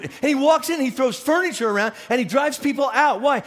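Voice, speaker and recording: A middle-aged man preaches from the pulpit in a chatty, animated way, acting out the listeners' doubts and tripping over restarts. His voice sits high for a man and swings widely in pitch. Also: fast. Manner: animated, conversational, many restarts and acted questions. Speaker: pastor. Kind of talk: sermon.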